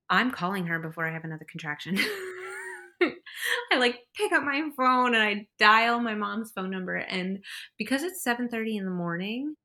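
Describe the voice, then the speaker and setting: A woman's voice: mid-range voice, pushed and bright. A young woman chattily telling the story of her labor, laughing often and acting out what others said. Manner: chatty, laughs often, acts out quoted voices. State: pregnant. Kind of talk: casual storytelling.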